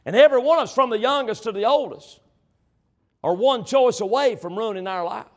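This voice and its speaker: A male preacher delivering a sermon, emphatic and swinging between loud passages and hushed ones. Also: extremely high pitch, fairly quick.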